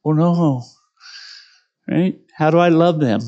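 Man preaching, middle-aged, conversational, self-mocking, slightly high voice, keeps asking "right?". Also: takes it slowly, mellow, lo-fi sound. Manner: conversational, self-deprecating, tags lines with "right?". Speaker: pastor. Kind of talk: sermon.

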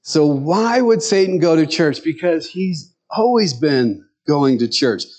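A male pastor delivers a sermon in an easygoing, conversational way. He often pauses to ask his listeners rhetorical questions. His voice sits a little high for a man. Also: animated, a little mellow.

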